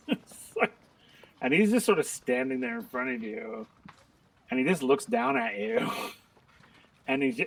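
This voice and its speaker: A man's voice: fairly high pitch, sing-song, slow pace, vocal fry, long pauses, a bit bright, recorded from a distance. A man narrating a tabletop game as game master, chatty and breaking into laughter often.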